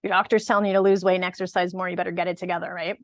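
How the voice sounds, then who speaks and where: A woman's voice: lowish voice, level tone, racing, dry recording. A woman fitness and nutrition coach giving an online workshop talk to viewers. She speaks conversationally and encouragingly, laughing at times and often checking in with "right?" and "okay?". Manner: empathetic and encouraging, with occasional laughs.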